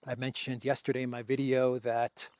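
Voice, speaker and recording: A man who grew up in Greece, a show host, giving casual solo commentary in a sardonic, drawn-out way with laughing asides, recorded outdoors among trees. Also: medium pitch, completely flat delivery, darkish tone, no echo.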